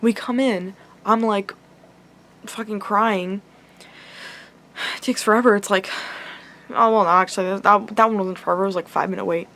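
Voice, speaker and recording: A young woman tells an upsetting story straight to her vlog audience. She talks in a loose, rambling way, leaning on "like" and swearing freely. Her voice sits in a middle pitch. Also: fairly even intonation, moderate pace, pauses often, a bit bright. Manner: rambling, heavy use of "like" and swearing; emotional, upset retelling. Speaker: vlogger. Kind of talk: casual storytelling.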